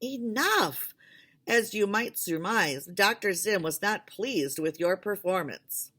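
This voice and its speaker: A woman voicing a stern male chairman of a secret board, firing sharp, demanding questions. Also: mid-range voice, lively intonation, takes it slowly, breathy edge, voice pushed up, exaggerated voice.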